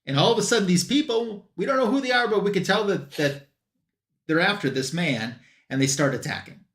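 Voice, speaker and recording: A man's voice: high voice, expressive, fairly bright tone, echoey room. Man recapping a comic plot casually. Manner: retells scenes with quick quoted voices for characters. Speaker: comic book show panelist.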